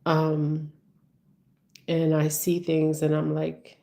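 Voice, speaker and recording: A woman's voice: sits low, completely flat delivery, takes it slowly, mellow. A woman giving a rambling spiritual talk in a casual monologue, checking in with "okay?" again and again. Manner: rambling, repeats "okay?" often. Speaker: spiritual speaker.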